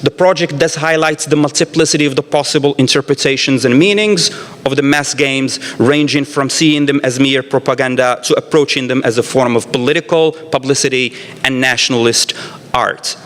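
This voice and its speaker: A man's voice: medium pitch, fairly even intonation, moderate pace, fairly bright tone. A man formally reading a speaker introduction from notes, stumbling now and then over a word. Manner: formal, reads from notes with slips. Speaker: event moderator. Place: lecture hall. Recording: reverberant lecture hall.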